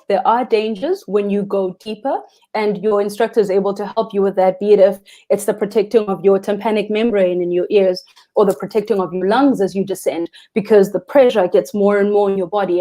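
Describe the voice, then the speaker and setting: A woman's voice: medium pitch, a little fast. A young South African woman, a freediving instructor, talking earnestly and expressively as a guest in a live interview. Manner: earnest, expressive, speaks of the ocean lovingly.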